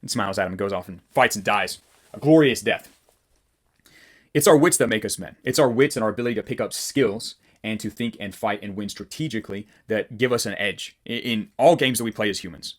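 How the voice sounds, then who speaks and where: A man delivers a casual motivational lesson straight to camera, rambling and blunt, tossing out loose fillers. His voice sits on the low side and the words tumble out quickly. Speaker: copywriting coach.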